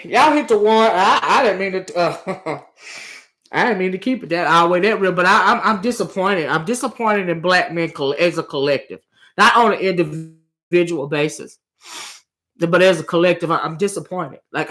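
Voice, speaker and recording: A woman giving impassioned opinion commentary, preachy and hollering at times, stumbling over her words and repeating phrases for emphasis, close on a loud microphone. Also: lowish voice. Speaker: commentary channel host. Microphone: loud close desktop microphone.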